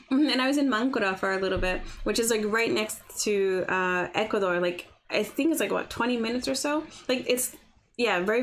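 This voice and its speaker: A young woman with a slightly raised voice chats casually on a morning livestream from her apartment. Her talk is loose and full of "like" fillers, and she breaks off to answer viewers' comments. A faint ambient hum sits behind her. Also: fairly high pitch. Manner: chatty, lots of "like" fillers, reads and answers comments. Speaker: livestream host. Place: home apartment.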